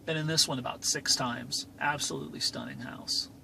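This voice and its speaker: A man with a slightly higher voice tells a motivational story outdoors as he moves through a neighborhood. He talks emphatically and rambles, stopping often on "and, uh". Faint outdoor ambience sits under his handheld camera recording. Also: steady tone, normal speed, gravelly, pushed and bright, a little hiss or hum. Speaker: motivational channel host. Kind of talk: personal story told while touring a neighborhood. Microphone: handheld camera filming as he goes.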